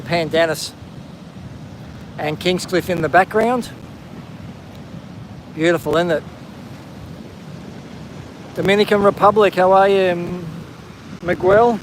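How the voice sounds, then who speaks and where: An Australian man with a high-sitting voice livestreams while walking on a windy coastal headland. He chats casually and greets viewers by name, and the rough recording carries slight background noise.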